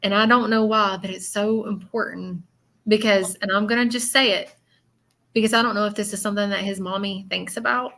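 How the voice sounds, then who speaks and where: A woman's voice: mid-range voice, steady tone, brisk, fairly bright tone. A woman with a Southern accent hosting a live psychic reading, chatty and blunt with many fillers. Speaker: spiritual medium.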